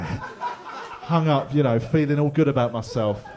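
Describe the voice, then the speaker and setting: A man, telling a story in a stand-up comedy set in a pub, animated and bursting into mock voices. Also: medium pitch, unhurried, a crowd in the background. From England. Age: 40s. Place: pub comedy room with live audience.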